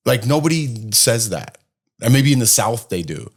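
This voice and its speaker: A man co-hosts a laid-back podcast. He teases his co-host and spells out his points at length. His voice sits at an everyday middle pitch for a man. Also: animated, moderate pace, slightly rough. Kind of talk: casual chat.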